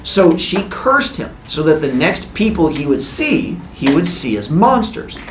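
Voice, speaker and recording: A man hosting a podcast and telling a comic story in an animated, playful way. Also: a little high, measured pace, a little hiss or hum. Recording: roomy echo.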